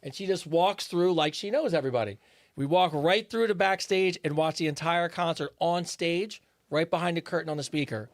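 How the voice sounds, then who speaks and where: Guy with a higher voice spinning wild stories, dry close mic. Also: brisk, dry recording. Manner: loose, laughing anecdotes with profanity. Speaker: podcast co-host. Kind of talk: casual storytelling chat.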